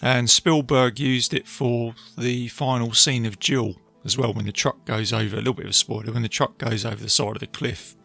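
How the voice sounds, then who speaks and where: A man talks through a film review on his own podcast, rambling a little and retelling scenes with plenty of fillers. His voice is bright and edged, with a steady gravelly fry. Faint music plays behind him. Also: mid-range voice, normal speed, few pauses. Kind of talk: casual solo film review. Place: beach outdoors.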